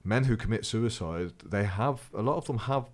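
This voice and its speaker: A man's voice: lowish voice, lively intonation. A man hosting a podcast, talking in an emphatic, opinionated way in casual conversation. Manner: emphatic, opinionated, rushes through points. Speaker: podcast host.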